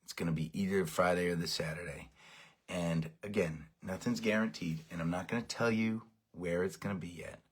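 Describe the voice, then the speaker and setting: A man leading a band, giving fans a rambling, excited update while overtired. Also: low voice, normal speed, breathy edge. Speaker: bandleader addressing fans. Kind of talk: casual fan update.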